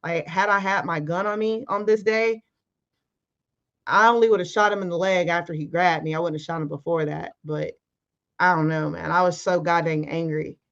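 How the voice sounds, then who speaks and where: A woman's voice: on the low side, normal speed. Emphatic woman recounting a story, lo-fi. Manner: emphatic, animated, acts out quoted arguments. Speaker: interview guest. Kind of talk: casual storytelling.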